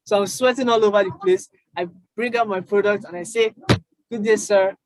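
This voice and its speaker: High-voiced young Nigerian man. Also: no room sound, rough recording. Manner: storytelling, halting with many fillers and restarts. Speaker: guest. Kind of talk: casual interview chat.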